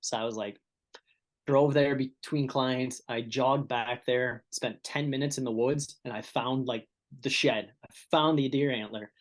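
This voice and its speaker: A man's voice: mid-range voice, steady tone, measured pace. A man appearing as a podcast guest, telling stories in a laid-back, casual way. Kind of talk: casual chat.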